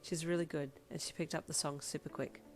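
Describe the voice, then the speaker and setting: Woman doing a low quiet deadpan teen girl, shy, music faint under. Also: a little fast, close to an everyday voice. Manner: deadpan, dry, soft-spoken.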